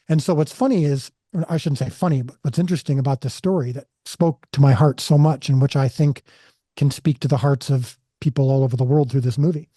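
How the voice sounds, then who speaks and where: A man's voice: on the high side, brisk, mellow, no room sound, clean studio sound. A man guest on a podcast interview, telling a personal story earnestly and with animation, often restarting his sentences. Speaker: filmmaker guest.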